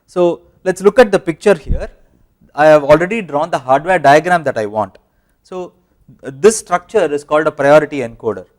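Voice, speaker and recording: A man's voice: fairly high pitch, animated, normal speed. A man with an Indian English accent giving a university lecture, explaining step by step with fillers and self-corrections.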